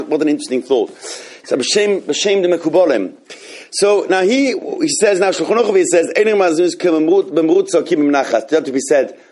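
A man teaches a religious law class, his voice sitting a little high for a man. He rambles and restarts often, stopping to search for words. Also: darkish tone. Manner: rambling, many restarts and fillers. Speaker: Torah teacher. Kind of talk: halacha class.

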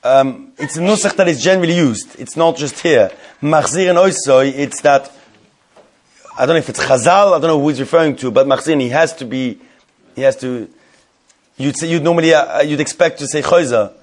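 A man's voice: fairly high pitch, a little fast. Man teaching a halacha class, fillers. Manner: questioning, thinking aloud with many fillers. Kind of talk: Talmudic-style halacha class.

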